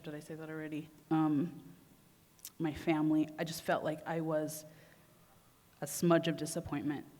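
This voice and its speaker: Young woman telling her story on stage, acts out her own thoughts, kinda low voice, big echoey hall. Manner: animated storyteller acting out her own inner voice. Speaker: conference speaker. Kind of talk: personal story told to an audience. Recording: long hall reverb.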